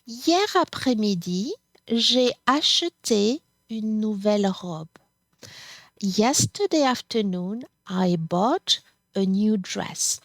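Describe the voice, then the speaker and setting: A woman teaching a grammar lesson, saying each form slowly and then repeating it. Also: mid-range voice, expressive, dry recording. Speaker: French teacher. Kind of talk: slow, careful grammar lesson.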